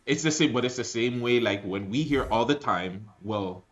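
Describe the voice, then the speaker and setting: A man's voice: medium pitch, moderate pace, fairly bright tone. A man co-hosting a podcast who keeps pushing back and cutting in during a casual debate. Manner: persistent, pushes back and cuts in. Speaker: podcast co-host.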